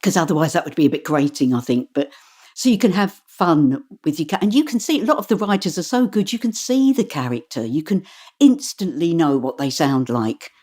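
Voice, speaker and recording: A woman audiobook narrator talks in an easy, conversational interview manner, animated and quick to laugh. Her voice sits low. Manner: chatty and animated, laughs often, demonstrates voices. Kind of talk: casual interview chat.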